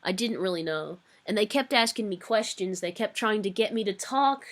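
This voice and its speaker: A woman's voice: mid-range voice, expressive, moderate pace. A young woman vlogger telling a candid personal story in a rambling way, full of fillers and self-corrections, with a darkly wry tone.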